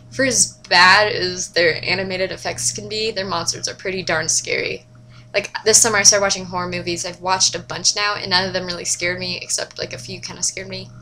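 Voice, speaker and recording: A young woman with a bright, ringing voice talks excitedly into her camera. She gushes and chatters, sliding from hushed whispers up to high squeals as she shares her opinions. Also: slight background noise. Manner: gushing, chatty, fast shifts between whispers and squeals. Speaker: vlogger. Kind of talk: casual fan chat to camera.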